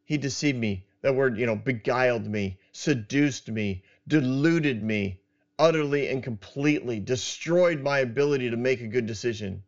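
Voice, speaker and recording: A man's voice: mid-range voice, moderate pace, lo-fi sound, close to an everyday voice. A man voicing a defensive first woman blaming the serpent.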